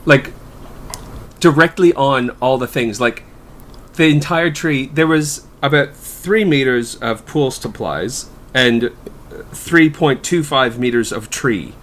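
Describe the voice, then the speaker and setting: A man's voice: mid-range voice, takes it slowly, fairly bright tone. A man co-hosting a podcast in casual chat, jokey and chuckling, with lots of fillers. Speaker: podcast co-host.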